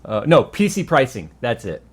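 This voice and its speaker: Animated, swearing American man. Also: medium pitch, moderate pace, slightly rough. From United States. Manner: animated storyteller, swears and laughs freely. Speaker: tech show host. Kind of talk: casual podcast chat.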